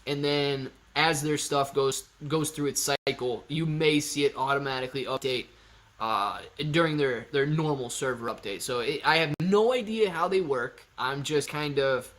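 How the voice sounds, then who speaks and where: A man hosting a live stream, chatting casually and excitably with his viewers and thinking out loud. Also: mid-range voice. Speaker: livestream host answering chat.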